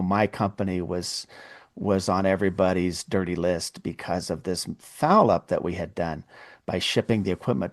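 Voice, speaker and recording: A man's voice: low-pitched, darkish tone. A man who is a podcast guest, telling a long story in casual conversation. He laughs often and acts out the dialogue of the people in it.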